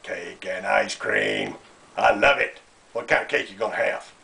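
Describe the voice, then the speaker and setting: Friendly cake-loving male bear puppet, played by a man, low and gravelly. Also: huge pitch swings, a little slow, bright, forceful tone, heavily acted. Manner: friendly, chatty about food.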